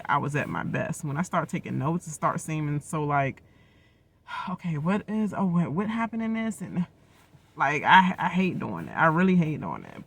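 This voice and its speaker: Young male reaction vlogger: loud, slangy, high and bright-toned. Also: creaky. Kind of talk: casual live reaction commentary.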